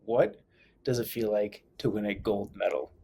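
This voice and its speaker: A man hosting a podcast, asking curious questions in a relaxed, joking way. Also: lowish voice, normal speed, vocal fry. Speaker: podcast host. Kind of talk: casual interview chat.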